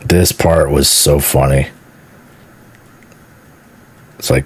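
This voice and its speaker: Reacting to a game trailer, this Houston, Texas gaming streamer rambles with casual enthusiasm, repeats words, and swears offhandedly. His low, husky voice is unhurried and somewhat dark in tone.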